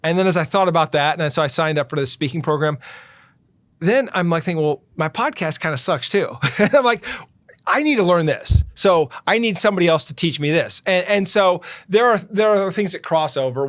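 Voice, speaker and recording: Earnest man with a slightly high voice. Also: no room sound. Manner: earnest, emphatic, slows to stress key points. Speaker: podcast host and lawyer. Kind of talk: reflective interview answers.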